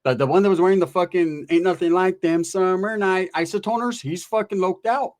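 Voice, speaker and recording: Brief: male content creator recounting a run-in, lively and foul-mouthed, slightly high voice. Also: brisk. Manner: animated, profane, acts out dialogue. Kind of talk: casual storytelling.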